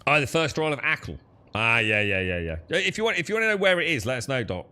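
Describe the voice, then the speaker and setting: A man's voice: medium pitch, very animated, fast, sharp tone. A young man chatting casually while playing a co-op game with friends, thinking aloud and laughing easily. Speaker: gamer streaming co-op play. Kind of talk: casual gaming chat.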